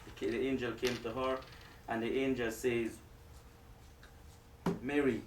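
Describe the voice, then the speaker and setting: An Islamic preacher gives a lively lecture to a live audience in a lecture hall, cracking jokes and addressing listeners directly. His mid-range voice is fairly quick with little pitch movement. The distant mic picks up hall echo plus a faint hiss or hum.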